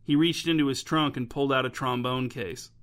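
A man's voice: mid-range voice, fairly even intonation, brisk, a bit bright, lightly acted. A man voicing an earnest young woman who tells her story through tears. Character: tearful, grateful young woman.

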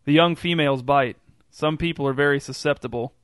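A man voicing a deadpan, businesslike robber in a read-aloud story. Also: on the high side, brisk, smooth, dry recording, clean studio sound, close to an everyday voice. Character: hidden male robber, calm and deadpan.

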